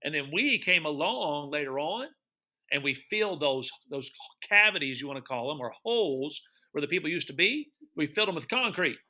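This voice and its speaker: A man's voice: fairly high pitch, lively intonation, moderate pace, sharp tone. A middle-aged man teaching, narrating his travel photos for students in a chatty, enthusiastic way and quizzing them as he goes. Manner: chatty, enthusiastic, repeats words and quizzes listeners.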